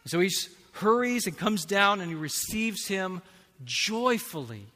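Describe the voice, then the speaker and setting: Male pastor, high bright voice, slow deliberate sermon delivery; reverberant sanctuary. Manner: slow, emphatic preaching with big swings in loudness. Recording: long reverb of a large hall.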